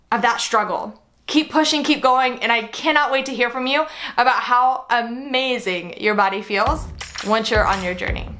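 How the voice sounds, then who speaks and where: A woman's voice: fairly high pitch, a bit bright. A young woman sharing fitness advice straight to the viewer, earnest and encouraging. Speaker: fitness coach. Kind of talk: direct-to-camera advice talk.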